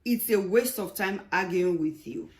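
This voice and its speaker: A woman's voice: medium pitch, normal speed, darkish tone, lightly acted. A woman voicing a busy, irritable male doctor who answers curtly and defensively. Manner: curt, defensive.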